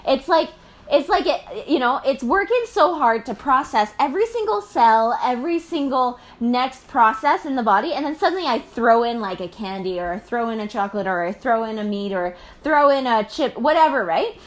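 A woman in her thirties, a mother, musing in a casual, chatty, animated monologue full of fillers and laughs. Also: fairly high pitch, normal speed.

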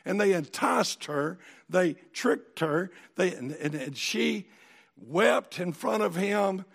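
Gravelly, high-voiced folksy preacher. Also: male voice, takes it slowly. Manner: folksy, animated storytelling. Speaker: pastor. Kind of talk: sermon.

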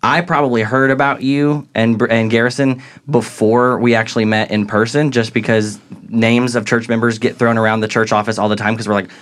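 A young adult man with a Midwestern accent, an associate pastor talking as a podcast guest in a relaxed, self-deprecating way, often pausing on "um.". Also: mid-range voice. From Southern Illinois. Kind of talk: casual conversational storytelling.

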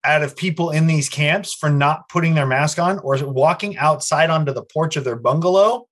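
A man's voice: fairly high pitch, moderate pace. An American man on a casual, profane podcast, reading news stories aloud and ranting about them between lines. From United States. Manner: crude, animated, reads news aloud with ranting asides. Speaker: podcast co-host. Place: Los Angeles area.

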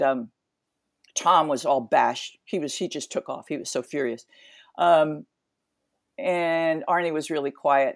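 A woman's voice: low-pitched, no echo, clean studio sound. A woman in her seventies, an interview guest, telling a story vividly, acting out scenes with sound effects and many restarts. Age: 70s.

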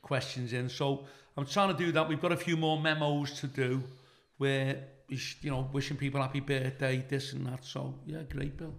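Brash Liverpool man telling stories, gravelly. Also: mid-range voice, normal speed, few pauses, roomy sound. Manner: brash, profane, animated anecdote-telling. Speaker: comedian, guest. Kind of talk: storytelling in a casual interview.

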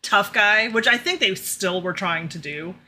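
A young woman co-hosting a casual podcast chat, agreeable and quick to laugh. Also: medium pitch, sharp tone, a little hiss or hum. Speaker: podcast co-host.

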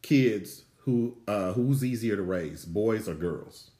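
A man's voice: lowish voice, lively intonation, slow, mellow, reverberant. A man who is a comedian co-hosting a podcast, chatting casually with teasing asides and plenty of swearing. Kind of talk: casual chat.

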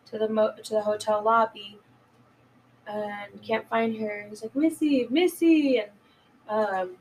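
A woman with a mid-range, monotone voice speaks a little slowly, picked up by a distant mic on a rough recording with slight hiss or hum. As a podcast co-host in a casual movie recap chat, she's high and rambles through the plot with many fillers, acting out quotes.

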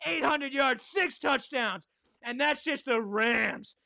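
A podcast host giving an excitable, hyped-up sports preview, often shouting and asking rhetorical questions. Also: sits high, slow, gravelly, no echo.

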